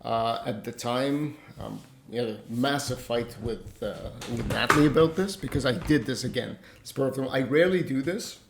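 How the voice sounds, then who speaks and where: A man's voice: mid-range voice, normal speed, gravelly, few pauses, heavy background noise. A man co-hosting a podcast, chatting casually and often stammering and repeating words. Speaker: podcast co-host. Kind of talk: casual chat. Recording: echoey room.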